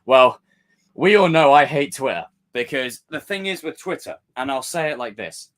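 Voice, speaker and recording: A man hosting a casual live stream, chatting with viewers and ranting in a theatrical, animated way. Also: mid-range voice, moderate pace. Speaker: livestream host.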